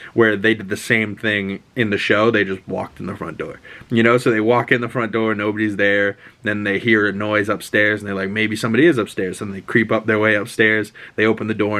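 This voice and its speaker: A man excitedly recapping a TV episode in a casual, rambling way, with many fillers and restarts. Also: fairly low pitch. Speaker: show recap host.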